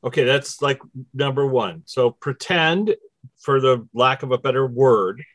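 A man's voice: medium pitch, measured pace, dry recording. A man hosting a casual spiritual chat, walking listeners through numbered steps. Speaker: host.

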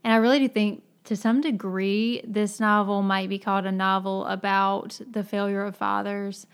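A woman co-hosting a casual book discussion, making measured, analytical points. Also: mid-range voice, flat delivery, clean tone.

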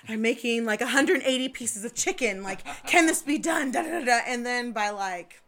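Woman, podcast guest, talkative, playful, a bit high-pitched. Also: a bit bright. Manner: chatty, joking, quick to laugh. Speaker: cook, guest. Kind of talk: casual podcast chat.

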